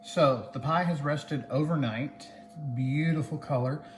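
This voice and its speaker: A man's voice: fairly high pitch, a little slow, reverberant, slight background noise. A man hosting a casual home cooking demo, chatty and playful as he talks to viewers. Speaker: cooking channel host. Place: home kitchen.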